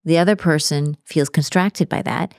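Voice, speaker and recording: A woman speaking as a relationship coach in a casual podcast conversation, animated and acting out the voices she quotes. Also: low voice, moderate pace, dry recording, studio quality.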